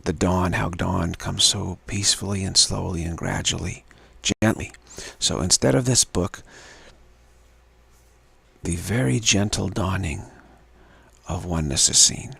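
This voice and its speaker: A man giving a slow, halting spiritual talk with many fillers and repeated words, recorded live. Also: low-pitched, gravelly, sharp tone, slightly rough, dry recording. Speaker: spiritual teacher.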